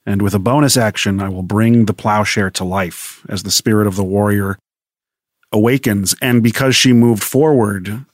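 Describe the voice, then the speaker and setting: A man's voice: fairly low pitch, steady tone, normal speed, no echo, studio quality. A man playing a tabletop role-playing game, describing his character's actions in a casual, wry way. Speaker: player.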